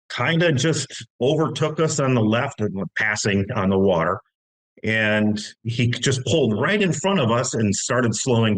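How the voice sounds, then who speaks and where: A middle-aged American man appearing as a podcast guest tells a long story in casual talk, long-winded and full of restarts. His voice is lowish, and the recording is rough.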